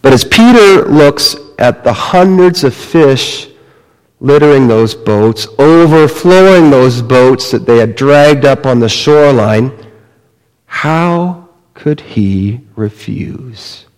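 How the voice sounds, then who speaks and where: A man delivers a sermon at a slow, deliberate pace, telling a story with dramatic drops to near-quiet and lifts back up. His middle-pitched voice carries a long reverb, as if he stands in a large sanctuary. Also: animated. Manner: slow, dramatic storytelling with wide swings in loudness. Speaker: pastor.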